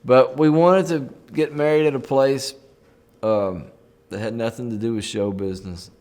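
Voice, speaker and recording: A middle-aged man telling stories in a relaxed, folksy way, chuckling now and then. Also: mid-range voice. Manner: folksy, chuckling, unhurried anecdotes. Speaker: country musician telling a story. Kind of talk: relaxed storytelling in an interview.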